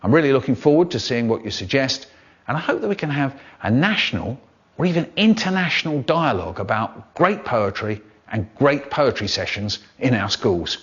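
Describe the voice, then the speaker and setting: An older man, a poet and storyteller who performs poems and talks in a playful, highly expressive way, drawing out his words. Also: normal speed, breathy edge, muffled recording. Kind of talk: expressive poetry performance and talk.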